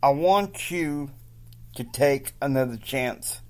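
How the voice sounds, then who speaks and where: A man's voice: medium pitch, animated, slow pace. A man doing a pushy, coaxing male friend.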